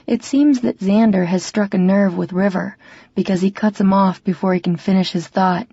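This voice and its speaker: A woman reading a first-person romance audiobook in a measured, intimate storytelling manner. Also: medium pitch, steady tone, warm tone, breathy edge, dry recording, highs cut off. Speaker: audiobook narrator.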